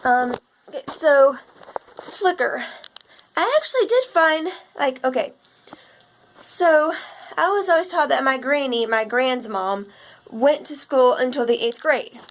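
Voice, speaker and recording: Rambling young woman, husky morning voice. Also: high-pitched, lively intonation, slow, long pauses, a little hiss or hum. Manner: rambling, self-correcting, filler-heavy. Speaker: vlogger. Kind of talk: rambling casual monologue.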